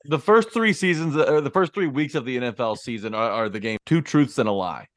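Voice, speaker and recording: A man co-hosting a sports podcast, breaking down a game in a measured, analytical way. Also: mid-range voice, lively intonation, no echo. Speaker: podcast co-host.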